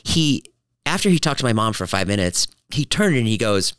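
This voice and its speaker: A man hosting a podcast, telling stories in casual chat and acting out quotes in high voices. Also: moderate pace, clear, resonant tone, dry recording, studio quality. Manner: animated storyteller, acts out quotes in high voices. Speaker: podcast host.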